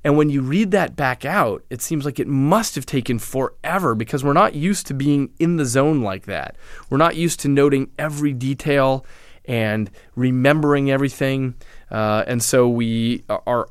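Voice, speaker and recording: A man speaks as an interview guest, laying out research step by step in a measured, patient way with small restarts. His voice sits at an ordinary pitch. The sound is dry and close, with no room echo. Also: clear, resonant tone. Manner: explanatory, measured, frequent restarts. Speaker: neuroscientist guest. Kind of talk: interview answers.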